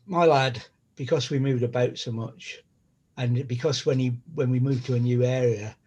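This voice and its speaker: A middle-aged man with a husky, slightly rough voice talks in a relaxed, rambling way. His pitch sits in an ordinary middle range. He wanders from point to point like someone chatting with a friend. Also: moderate pace, lo-fi sound. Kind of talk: casual chat.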